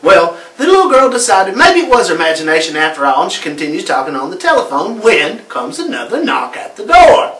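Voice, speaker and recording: A man telling a joke story in a theatrical, animated way, breaking into laughs. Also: high voice, a little fast, hardly any pauses. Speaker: joke teller on laughter therapy recording. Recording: roomy sound from a distant mic.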